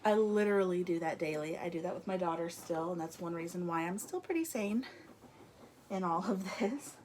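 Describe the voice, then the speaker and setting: A woman's voice: fairly low pitch, animated, normal speed, darkish tone, slight background noise. A young woman chatting casually to camera from her room at home, rambling and laughing as she talks, a little out of breath. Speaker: vlogger.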